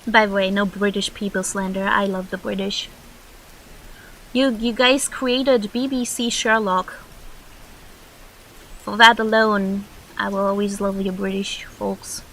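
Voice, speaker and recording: A woman's voice: medium pitch, flat delivery, unhurried, long pauses, a bit bright, a little hiss or hum, poor audio. A young woman streamer chatting casually with viewers while drawing, swearing freely and reacting to chat.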